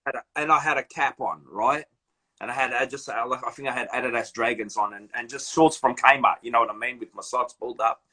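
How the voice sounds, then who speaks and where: A man's voice: mid-range voice, a little fast, husky. A man hosting a live video chat, telling stories in a loose, slangy way. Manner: animated storytelling, slangy. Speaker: host. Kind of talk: casual live-stream chat. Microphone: phone or laptop on a live video call.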